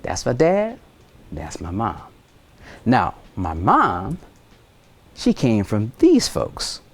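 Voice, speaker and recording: A man teaching high school science in a video lesson, telling stories with playful voices for the people he quotes. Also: wildly swooping pitch, drawn-out words, breathy edge.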